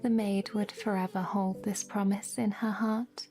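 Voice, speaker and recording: A woman with a British accent narrating a fairy-tale story in a measured, scripted way. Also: mid-range voice, level tone, loud music behind the voice. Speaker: narrator of a debut intro.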